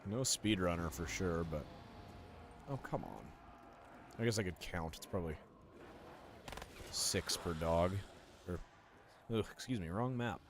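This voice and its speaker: Deep-voiced man narrating gameplay. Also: unhurried, long pauses, background noise. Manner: relaxed, self-deprecating play-by-play. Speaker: gaming commentator. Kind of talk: casual gameplay commentary.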